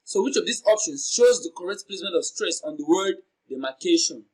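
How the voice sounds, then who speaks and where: A man from Nigeria teaching an exam prep lesson, reading out options and slowly repeating words to show their sounds and stress. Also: high-pitched, expressive, darkish tone, rough recording. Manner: slow, deliberate, repeats words for pronunciation drills.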